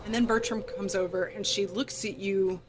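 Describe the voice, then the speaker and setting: A woman's voice: mid-range voice, fairly even intonation, moderate pace, noisy background. A woman narrating as game master of a tabletop role-playing game, who talks hesitantly with many fillers and restarts.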